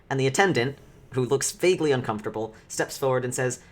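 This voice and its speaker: A man narrating as game master of a tabletop role-playing game, deliberate and relaxed with small hesitations. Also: mid-range voice.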